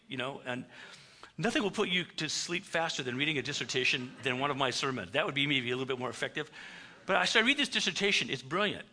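A middle-aged male pastor preaching a storytelling sermon, animated, acting out the dialogue he quotes. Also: medium pitch, fast.

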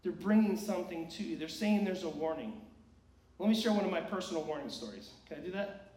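A man's voice: high voice, lively intonation, a little fast, warm tone. A man preaching a sermon in a church, earnest and emphatic, asking many rhetorical questions. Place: church sanctuary. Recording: echoey church hall, distant mic.

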